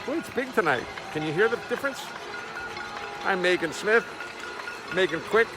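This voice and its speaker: A musician hosts a livestream from his home studio beside a window, chatting and joking casually and greeting viewers by name. His voice is high-pitched and expressive at a normal speed, with loud music playing behind him.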